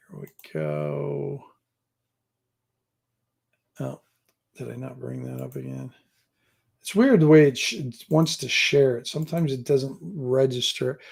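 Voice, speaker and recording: A man's voice: mid-range voice, vocal fry. A man hosting a live stream about writing a tabletop adventure, thinking aloud in a rambling way and joking with his viewers. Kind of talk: casual live-stream chat. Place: home room with gear and books behind him.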